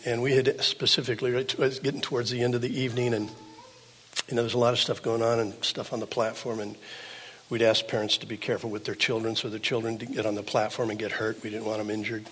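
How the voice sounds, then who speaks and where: An older man preaching a sermon as pastor, swinging from hushed, low passages to loud, pleading ones. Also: slightly rough. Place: church sanctuary. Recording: long hall reverb.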